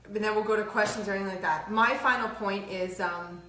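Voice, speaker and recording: A woman's voice: medium pitch, steady tone, fairly quick, sharp tone, reverberant, a little hiss or hum. A woman co-hosting a casual parenting talk, earnest and emphatic. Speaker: co-host.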